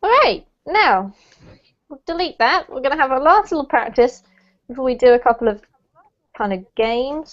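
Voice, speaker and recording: A woman teaching English pronunciation in an online class, chatty and encouraging, with a light laugh. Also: sits high. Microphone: video call. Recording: dull lo-fi call audio.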